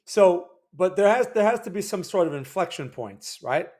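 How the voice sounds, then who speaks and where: A man's voice: high voice, expressive, normal speed, darkish tone. A man from New Jersey with a New Jersey accent, hosting a casual market-analysis livestream in a loose, conversational way, with many restarts and "right?" check-ins. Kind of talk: casual livestream chart commentary.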